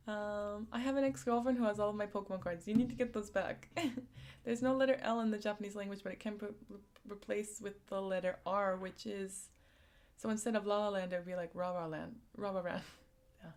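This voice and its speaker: Medium in pitch and a little mellow, this young woman's voice leads a casual live stream. She responds to viewers' comments in a chatty, giggly way, full of frequent likes and ums.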